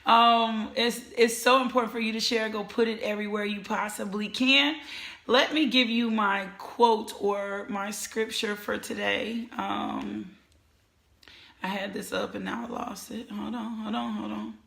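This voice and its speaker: Woman host on a live stream, chatty and gushing, slightly gravelly voice. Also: medium pitch, steady tone, unhurried, fairly bright tone, roomy sound. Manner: effusive, greets viewers by name. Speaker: talk show host. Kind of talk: casual live-stream chat. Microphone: webcam or phone camera.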